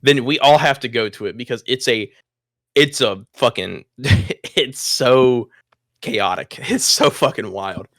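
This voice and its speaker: With a mid-range voice and an unhurried pace, this young man co-hosts a podcast in clean studio sound with no room echo. He's animated while telling a story in casual chat, cursing a lot and laughing mid-story.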